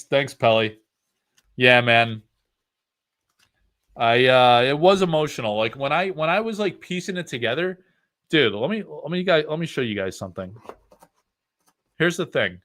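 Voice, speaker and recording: A man's voice: mid-range voice, fairly bright tone. A man from upstate New York hosting a card-opening livestream, talking in a loose, rambling way full of fillers. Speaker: host of a card-opening stream. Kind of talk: casual livestream chat.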